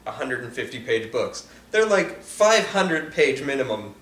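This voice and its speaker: A man's voice: medium pitch, big pitch swings, measured pace, a bit bright. A man hosting a casual film commentary podcast, talking enthusiastically with lots of "like" fillers. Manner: chatty, enthusiastic, heavy "like" filler. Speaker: podcast host. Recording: roomy echo, distant mic, faint hiss.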